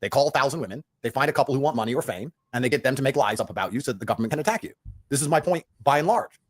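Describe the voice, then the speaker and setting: Rapid, ranting man with a husky voice. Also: medium pitch, expressive. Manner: ranting, profane, repetitive declarations. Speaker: interview guest. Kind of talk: heated interview monologue.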